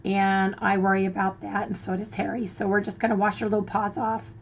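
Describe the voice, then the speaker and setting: A middle-aged woman vlogger chatting casually to her viewers, rambling into asides, her voice still recovering from hoarseness. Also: mid-range voice, monotone, a little fast, a little hiss or hum, low-quality recording. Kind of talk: casual chat to camera.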